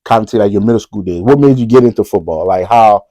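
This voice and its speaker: A man's voice: fairly low pitch, quick pace, warm tone, no room sound. A man hosting a podcast interview, casual and joking, with profane banter. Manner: joking, laid-back, profane. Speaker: podcast host.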